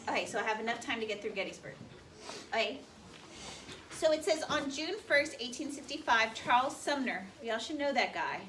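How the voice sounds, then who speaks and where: High-voiced teacher quizzing her class. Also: expressive, moderate pace, a bit bright. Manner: reads aloud and quizzes students with questions. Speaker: history teacher. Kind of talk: classroom lecture. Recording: classroom recording from far off, slight noise.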